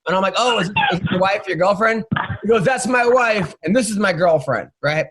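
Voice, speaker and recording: High-voiced man telling road stories. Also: fairly quick. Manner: animated, acts out crowd voices, laughs through stories. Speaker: comedian podcast host. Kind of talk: casual storytelling chat.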